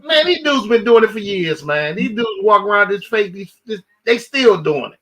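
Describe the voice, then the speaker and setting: A man co-hosting a podcast, teasing loudly and with emphasis in casual banter. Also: sits high, sing-song, normal speed. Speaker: podcast co-host.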